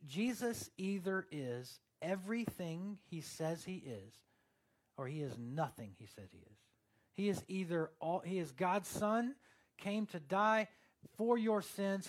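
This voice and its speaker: A man preaching a sermon in a casual, conversational way, with lots of fillers and quoted asides. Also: fairly high pitch. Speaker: pastor.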